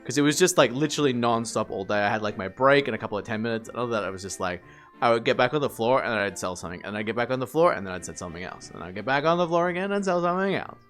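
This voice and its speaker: A man streaming live, rambling through animated work stories to his chat, swearing and laughing as he goes. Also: medium pitch, very fast, faint music behind.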